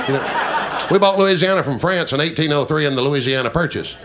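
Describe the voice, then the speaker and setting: A man's voice: fairly high pitch, lively intonation, quick pace, a crowd in the background. A man, a country singer, chatting and joking with the audience in folksy live stage banter. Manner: joking, teasing, folksy storyteller.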